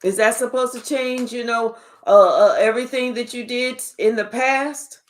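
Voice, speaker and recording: A woman's voice: on the high side, fairly even intonation, moderate pace. A woman giving a tarot reading, talking in a blunt, profane and emphatic way, full of rhetorical questions. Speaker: tarot reader. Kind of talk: spiritual reading monologue.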